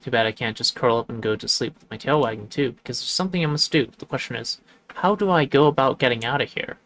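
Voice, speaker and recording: A man's voice: mid-range voice, quick pace, fairly bright tone, a little hiss or hum, close to an everyday voice, poor audio. A man reading the lines of a thoughtful male ghost detective in a fairly plain voice. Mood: pensive.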